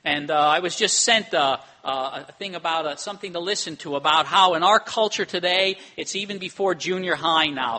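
A man's voice: on the high side, bright, forceful tone. A middle-aged man preaching a sermon in a conversational way, often ending points with tag questions. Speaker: pastor.

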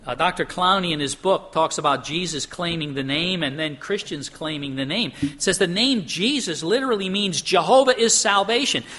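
A middle-aged pastor delivers a sermon in a clear, bright voice that sits a little high for a man. He talks earnestly, pushing up in pitch for emphasis and sinking to a hush on solemn points.

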